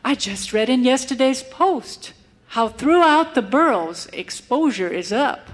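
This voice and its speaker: A woman's voice: high-pitched, expressive, unhurried. A woman voicing a cultured young New York woman tourist with a prim, affected manner. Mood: prim, worldly.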